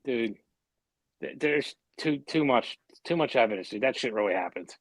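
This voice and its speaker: Man in his forties, mid-pitched, blunt and skeptical, profane casual chat, dry close sound. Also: expressive, normal speed, no room sound. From Philadelphia area. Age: 40s. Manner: blunt, skeptical, swears a lot.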